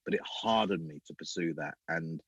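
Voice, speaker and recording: A man, a podcast guest and former youth football coach, telling animated stories and acting out other people's voices. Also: a bass voice, normal speed, breathy edge, dry recording, dull audio. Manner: acts out other people's voices, lively and emphatic. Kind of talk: animated storytelling.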